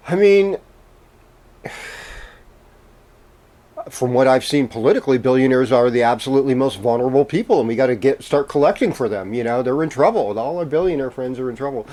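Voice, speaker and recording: Mellow-voiced man giving horoscopes. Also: medium pitch. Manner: meandering and gentle, with many pauses and fillers. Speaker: astrologer host. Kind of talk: casual spoken horoscope reading.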